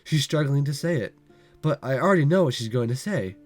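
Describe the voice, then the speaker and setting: A man's voice: mid-range voice, lively intonation, fairly quick, darkish tone, no room sound, faint music behind. Brief: man with a cold, casual sarcastic game commentary, dry close mic. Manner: sarcastic asides. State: has a cold. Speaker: let's-play gamer.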